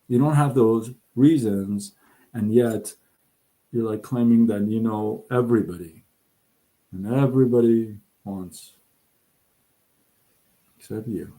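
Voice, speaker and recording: Slow, warm and lowish, with frequent pauses, the voice belongs to a middle-aged man running a live side-income show. He hands out blunt, emphatic advice and mimics what people say. Sometimes he stammers.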